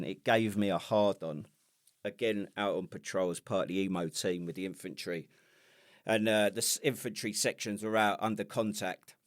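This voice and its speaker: British man, low voice, dry close sound, sweary laughing army stories, podcast co-host. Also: no room sound. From United Kingdom. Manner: sweary storytelling, laughing often. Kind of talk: casual chat.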